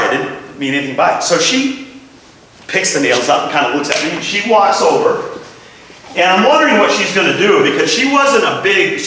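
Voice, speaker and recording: A man delivers a sermon full of playful stories, his voice high and swinging widely in pitch. He is heard from far off in a large, echoing hall. The congregation murmurs behind him. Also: a little hiss or hum. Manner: animated storytelling, jokes with the congregation. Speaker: preacher.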